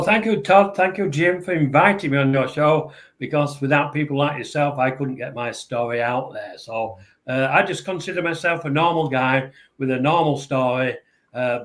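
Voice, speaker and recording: A man's voice: mid-range voice, moderate pace, a bit bright. Older Yorkshire man, hesitant. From England. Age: 70s. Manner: hesitant, many filler uhs. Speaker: guest. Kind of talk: podcast interview.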